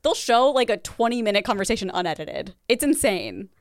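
A chatty young woman from the Midwest, talking casually on a podcast. Her voice is smooth and clear, close to a dry mic, and she scatters "like" fillers and quick laughs through her talk. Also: mid-range voice, very animated, dry recording. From American Midwest. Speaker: podcast co-host. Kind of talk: casual chat.

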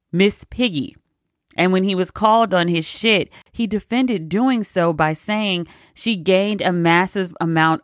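A woman's voice: fairly low pitch, no room sound, studio quality. A woman hosting a podcast, giving casual news commentary in a wry, exasperated way and laughing between quotes. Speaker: podcast host.

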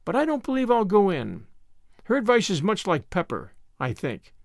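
A man's voice: huge pitch swings, moderate pace, vocal fry, dry recording, studio quality, exaggerated voice. A man voicing an earnest, idealistic young woman teacher in a storybook reading. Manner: earnest, high-minded.

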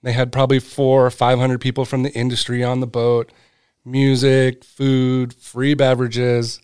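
A man's voice: medium pitch, unhurried, clean tone, no echo, clean studio sound. A middle-aged man, guest on a podcast, telling a story casually and acting out the voices of the people in it. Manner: animated, acts out quoted voices. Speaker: guest, brand cofounder.

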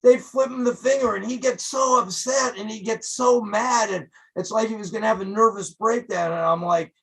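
An older man, a rock photographer, telling stories in an interview, animated and profane, loudly acting out what he said to musicians. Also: high-pitched, normal speed, hardly any pauses, breathy edge, poor audio. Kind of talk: casual storytelling interview.

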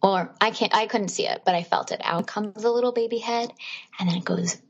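A woman guest on a podcast, telling a personal story in a lively way and acting out what other people said. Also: mid-range voice, a little fast, breathy edge, muffled recording. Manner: animated, acts out what others said.

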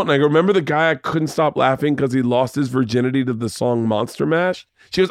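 A man's voice: mid-range voice, expressive, quick pace, dry recording, clean studio sound. A man hosting a podcast, telling long rambling stories in casual chat and swearing freely. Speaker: podcast host.

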